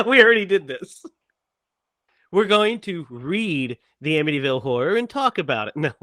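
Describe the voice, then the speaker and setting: A man co-hosting a podcast in casual chat, playful and quick to laugh. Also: high voice, no echo, studio quality. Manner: laughs often, lively and playful. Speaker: podcast co-host.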